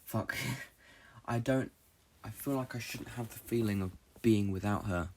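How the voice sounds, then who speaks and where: A young man from Britain hosting a solo podcast, talking in a halting, low-key, confessional way and swearing often. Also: vocal fry, a little mellow, a little hiss or hum. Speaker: podcast host. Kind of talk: rambling solo podcast monologue.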